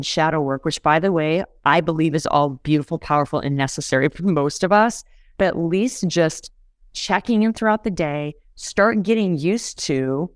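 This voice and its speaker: A woman's voice: low voice, no echo. A woman who is a podcast guest, explaining in a conversational way and often checking in with listeners by asking if it makes sense. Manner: keeps checking in with listeners, "you guys", "does that make sense".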